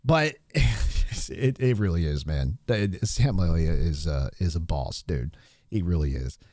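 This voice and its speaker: A man talks casually on his own live stream, wandering through a story with restarts and asides. His pitch rises and falls a lot as he goes. The sound is dry and close to the mic. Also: animated, slow pace, a little mellow, no room sound. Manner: rambling, restarts and recalls a movie.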